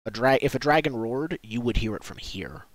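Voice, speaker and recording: A man acting as game master, explaining rules and narrating scenes in quick, casual talk. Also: medium pitch, expressive. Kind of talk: running a tabletop role-playing game.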